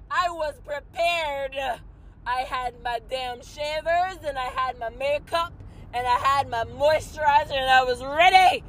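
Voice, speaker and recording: A woman venting angrily in a vlog from a car, swearing a lot and rambling, breaking into shouts. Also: high-pitched, measured pace, rough recording. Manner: profane, shouting in bursts, rambling.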